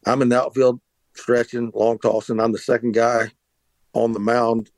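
A man's voice: medium pitch, little pitch movement, normal speed, a little mellow, no echo. A middle-aged man hosting a podcast, telling a long story casually, with frequent restarts and filler words. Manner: rambling, many restarts and "uh"s. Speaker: podcast host, former pitcher.

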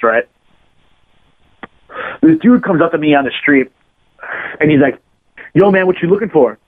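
A man with a mid-range voice tells a long, profane anecdote as a podcast guest, rambling casually and filling his speech with "like." The audio has a narrow phone-line quality and is dry, with no room sound.

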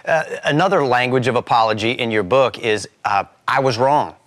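A man's voice: mid-range voice, normal speed, fairly bright tone. A man hosting an interview, reading out prompts and asking follow-up questions. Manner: reads prompts then asks follow-up questions. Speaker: interview host. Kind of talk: conversational interview.

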